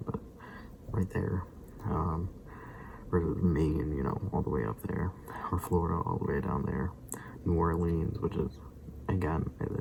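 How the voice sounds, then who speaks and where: Brief: low gravelly man, rambling vlog chat, noisy recording. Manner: rambling, hesitant, laughs often. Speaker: daily vlogger. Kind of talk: casual reaction chat.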